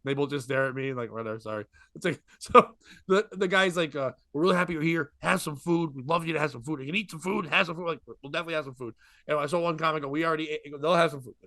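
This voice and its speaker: Man, comedian, rambling casual storytelling, bright tense tone, fairly high voice, dry close sound. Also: dry recording. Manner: rambling, animated, quick asides and laughs. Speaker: podcast co-host, comedian.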